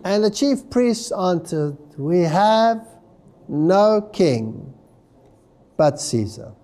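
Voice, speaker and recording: Male lecturer, high and lively pitch, mellow tone, slow deliberate delivery, dramatic scripture reading. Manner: reads scripture aloud with dramatic emphasis. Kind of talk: Bible prophecy lecture.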